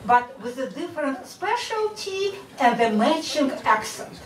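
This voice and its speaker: A woman comic with a Russian accent works through a stand-up set at an unhurried pace, her pitch rising and falling widely. Her delivery is dry and measured. She sounds distant from the mic in an echoey club. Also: big pitch swings, crowd noise. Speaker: stand-up comedian. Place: comedy club stage.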